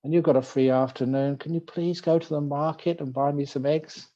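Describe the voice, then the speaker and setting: A gentle wife, as a man puts her on, speaking in a soft, coaxing, affectionate way with a mellow tone. The recording sounds dull and lo-fi. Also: a little high, steady tone, brisk, close to an everyday voice. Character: gentle, sweet-talking wife.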